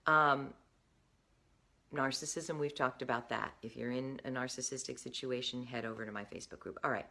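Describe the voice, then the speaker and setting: A woman's voice: sits low, gravelly, pushed and bright. A middle-aged woman coaching viewers directly, earnest and emphatic, checking in with the listener as she explains. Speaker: career coach. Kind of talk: direct-to-camera advice talk.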